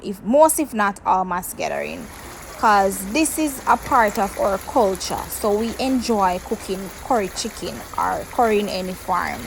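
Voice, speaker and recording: In a rough recording, a Jamaican woman with a gravelly, medium-pitched voice hosts a cooking channel video from her kitchen. She casually explains every step to viewers in a chatty way.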